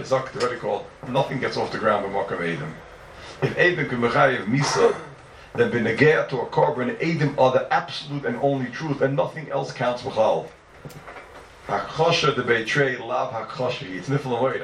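A man teaches a Talmud class at a quick clip. He throws out questions and answers them himself, his voice leaping up and down in a sing-song study cadence. He is heard from a distance in an echoey room, with faint sound in the background. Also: a little high, fairly bright tone, slight background noise. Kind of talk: animated Talmud class lecture.

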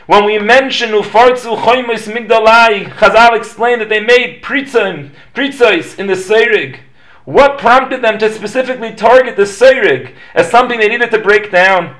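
High-voiced man giving a Torah lecture. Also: fairly bright tone. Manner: measured, explanatory, poses rhetorical questions. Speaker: Torah teacher. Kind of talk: read-aloud Torah lecture.

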